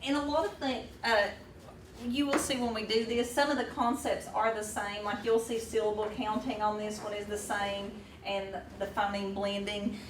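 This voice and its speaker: A woman's voice: medium pitch, flat delivery, moderate pace. A woman leading a hands-on teaching workshop, talking casually with fillers and restarts. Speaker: teacher trainer. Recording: roomy echo, distant mic, faint room noise.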